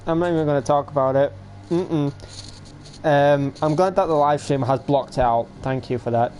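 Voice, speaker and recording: Young guy, late teens, slightly high voice, loose rambling livestream chat, talks straight to the viewers. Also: normal speed, a little mellow, a little hiss or hum.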